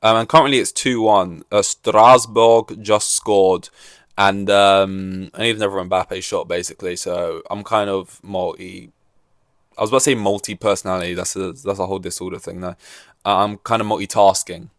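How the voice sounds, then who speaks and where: Man, solo podcast host, low and dry, rambles and jokes. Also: steady tone, moderate pace, no echo. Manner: rambling, jokey, acts out quoted voices.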